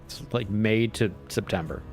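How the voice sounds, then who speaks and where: A man's voice: fairly low pitch, darkish tone. A man chatting casually while streaming a game, rambling along and chuckling often. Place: home.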